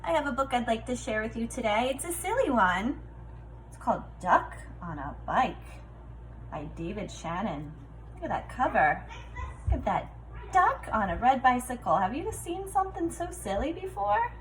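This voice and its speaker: Expressive woman reading to children. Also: fairly high pitch, normal speed, a little hiss or hum, poor audio. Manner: warm, expressive, addressing children directly. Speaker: teacher reading aloud. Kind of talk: children's story read-aloud.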